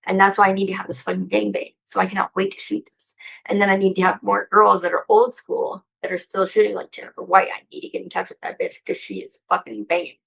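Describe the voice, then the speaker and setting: A woman with a gravelly, fry-laced voice chats in an interview. She talks in a rambling, excitable way and swears often. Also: mid-range voice, quick pace, rough recording. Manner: excitable, profane, rambling with frequent laughs. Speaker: interview guest. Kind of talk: casual interview chat.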